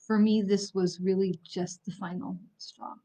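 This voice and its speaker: A woman's voice: medium pitch, level tone, unhurried, warm tone. A middle-aged woman hosting a livestream as a psychic medium, talking angrily and bluntly and swearing while she apologizes for it. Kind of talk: livestream talk to viewers. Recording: slightly dull lo-fi stream audio.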